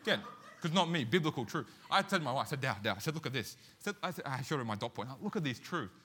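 A man in his thirties preaching, his voice bright and forceful. He tells the story with animated, self-mocking energy, acting out the lines of each person in it. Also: medium pitch, quick pace, slight background noise. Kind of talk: sermon with storytelling.

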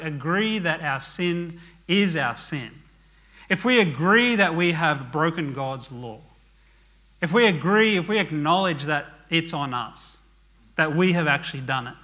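Bright-voiced man preaching. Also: on the high side. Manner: earnest, conversational preaching with frequent "okay?" asides; drops to a quiet murmur at the ends of phrases. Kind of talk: sermon.

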